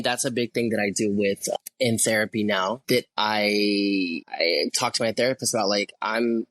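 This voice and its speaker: A man's voice: on the low side, fairly bright tone, dry recording. A young adult man, a podcast guest, talking candidly and swearing casually in easy conversation. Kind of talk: casual chat.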